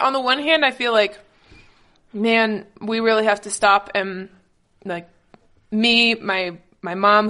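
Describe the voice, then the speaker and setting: A pro skier in her twenties chats casually as a guest, laughing often and restarting her sentences. Her voice is medium-pitched and a bit bright.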